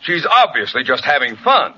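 An actor playing a genial society doctor with a chuckling, slightly hesitant manner. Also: male voice, medium pitch, big pitch swings, moderate pace, pushed and bright, slightly rough, muffled recording, full character voice. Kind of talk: old radio comedy acting.

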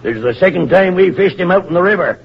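An actor playing a scheming, gruff riverboat captain who barks orders and scoffs, in 1940s radio acting. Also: male voice, sits high, lively intonation, fast talker, exaggerated voice. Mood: scornful. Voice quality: gravelly. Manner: barking orders, blustering and scornful. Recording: muffled old radio recording, faint hiss.

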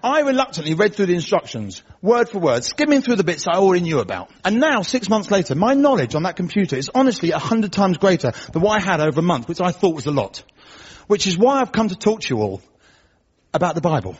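A man performing a stand-up comedy set, telling dry one-liners in a deadpan way and acting out other people's lines. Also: high voice, quick pace, breathy edge. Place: comedy club stage before a laughing audience. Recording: dull live recording with audience noise. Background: audience laughter.

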